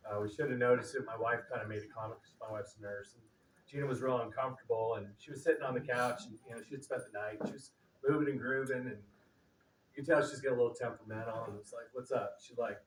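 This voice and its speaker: A man's voice: medium pitch, fairly even intonation, fast talker, slight background noise. A middle-aged man telling a loose, humorous story about his cousin at a memorial gathering, with plenty of fillers and quotes he acts out. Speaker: eulogy speaker, cousin of the deceased. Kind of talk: informal storytelling eulogy. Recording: distant, roomy, with audience murmur.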